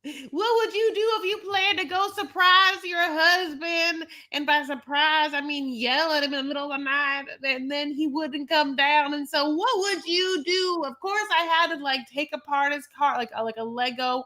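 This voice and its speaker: A woman's voice: sits high, steady tone, moderate pace, hardly any pauses, pushed and bright. A woman co-hosting a podcast in casual chat, rambling and playful while recapping a reality show. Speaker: podcast co-host.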